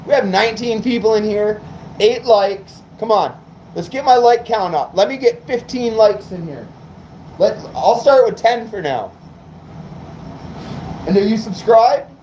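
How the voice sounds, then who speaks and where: A man's voice: high-pitched, lively intonation, unhurried, long pauses, a little mellow, a little hiss or hum, rough recording. A man from New England chatting casually on a livestream, rambling and swearing, fired up. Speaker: car audio livestreamer.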